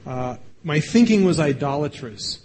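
A man's voice: a little high, sing-song, unhurried, a little mellow, slight background noise. A man preaching a sermon in a conversational way, asking his listeners questions and acting out little voices to illustrate. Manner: conversational, asks the audience questions. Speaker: pastor.

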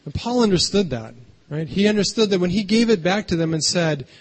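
A man delivering a sermon in a loose, conversational way, often tagging his points with a quick "right?". His voice is husky and sits fairly high. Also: lively intonation. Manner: chatty, keeps adding "right?". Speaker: pastor.

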